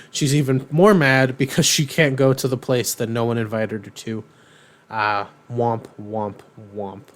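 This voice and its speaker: A young man co-hosting a podcast, casually recapping a cartoon in a rambling, filler-heavy way. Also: medium pitch. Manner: rambling, filler-heavy, animated retelling with quoted voices. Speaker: podcast co-host.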